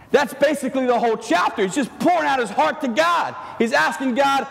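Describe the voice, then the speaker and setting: A male priest preaching a sermon in an animated, joking way, acting out the voices he quotes. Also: very high voice, a little fast, gravelly, hardly any pauses. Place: church. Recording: long church reverb.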